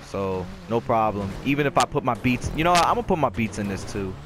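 A young man giving casual commentary while playing a racing game, yelling when hyped and muttering when losing. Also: mid-range voice, animated, fast. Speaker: gaming YouTuber. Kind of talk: live gameplay commentary. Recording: game audio noise behind voice.

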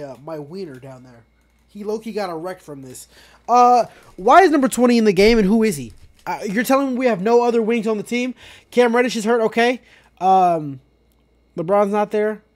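Excitable high-voiced man reacting to basketball. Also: normal speed. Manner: loud, excitable, shouting at players, profane. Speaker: sports reaction host. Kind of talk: live game reaction commentary.

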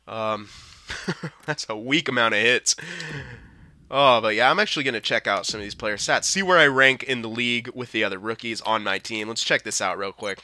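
Bright-voiced excitable young gamer man. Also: mid-range voice, moderate pace, no echo. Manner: excitable, swears and laughs often. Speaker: video game let's-player. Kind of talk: casual gameplay commentary.

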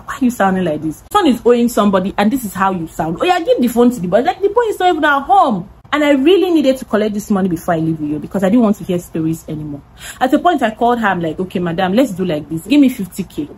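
A young woman telling a lively storytime vlog, acting out the voices of the people in it. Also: mid-range voice, a little hiss or hum, low-quality recording. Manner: animated, acts out quoted voices. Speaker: content creator.

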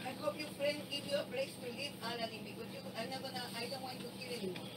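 A woman's voice: high-pitched, fast talker. A woman in her sixties, a landlady, pleading and repeatedly telling someone to relax during a late-night argument. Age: 60s. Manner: pleading, repeatedly urging calm. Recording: distant mic with loud background noise.

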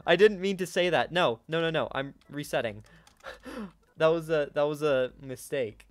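A young man giving live gameplay commentary, swinging between yelling in frustration and quiet muttering to himself. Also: fairly high pitch, animated, a little slow, no echo. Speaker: gaming YouTuber.

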